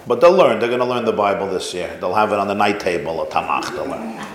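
A man's voice: on the low side, animated, fast talker. A man, a rabbi, tells a story in a lecture to a staff audience and keeps asking them questions. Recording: echoey room, faint room noise.

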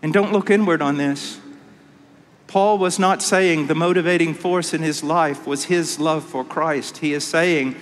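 A man preaching a conference sermon with great passion, dropping to a hush and then rising to a shout. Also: on the high side, a little slow. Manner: impassioned, swings from hushed to shouted. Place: large conference hall. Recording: long hall reverb.

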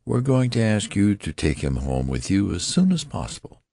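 A man's voice: on the low side, sing-song, normal speed, vocal fry, dark tone, no room sound, pitched above the performer's own voice. A man voicing a stern female nurse who speaks severely. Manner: severe, scolding.

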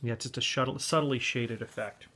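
A man talks through a model kit tutorial, explaining one step at a time in an unhurried, easygoing way. His voice sits in an ordinary middle pitch. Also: steady tone, pushed and bright. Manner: laid-back step-by-step explaining. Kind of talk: hobby tutorial.

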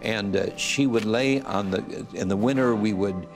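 A man's voice: on the low side, measured pace. A man in his eighties, a guest earnestly telling his life story and acting out the voices he quotes. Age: 80s. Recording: music playing under the voice. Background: soft music.

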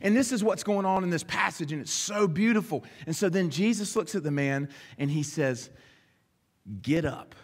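A man preaching a sermon as pastor, animated, acting out short snatches of dialogue as he goes. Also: high voice, fairly quick, few pauses. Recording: long reverb of a large hall.

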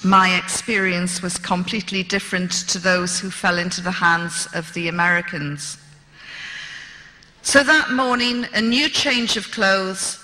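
British woman, fifties, slow and deliberate, very bright tone, storytelling lecture in a long-reverb hall. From Britain. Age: 50s. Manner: animated, acts out dialogue with raised pitch. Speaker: speaker.

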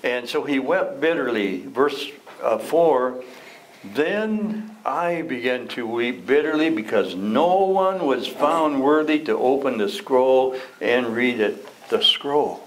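A man's voice: medium pitch, animated, takes it slowly, rough recording. A man teaching an adult Sunday school class, reading scripture and asking the class questions in a conversational way. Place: church classroom.

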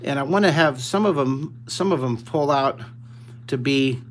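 An older man teaches a live drawing lesson to children over a webcam, enthusiastic and playful as he chats with the kids while drawing. His voice is medium-pitched at a normal speed, with slight background noise.

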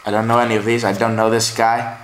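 A man's voice: lowish voice, completely flat delivery, fast talker, a little hiss or hum, rough recording. A man in a casual vlog, reading out track lists from his records in an offhand, shrugging way, recorded on a camera mic indoors at home. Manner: offhand, shrugs things off with "whatever". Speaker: vlogger showing record pickups.

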